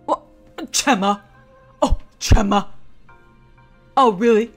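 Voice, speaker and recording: A woman's voice: medium pitch, slow. Woman streamer gaming, cussing at the game, close mic, music going behind her. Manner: frustrated, swears a lot, talks to herself. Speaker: streamer playing a video game. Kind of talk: casual gameplay commentary. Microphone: close desk mic.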